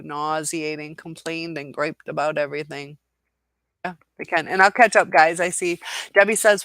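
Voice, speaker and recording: A woman's voice: fairly low pitch, a bit bright, no echo. A woman hosting a casual live-stream chat, reading viewer comments and answering in a rambling way with many fillers and quoted asides.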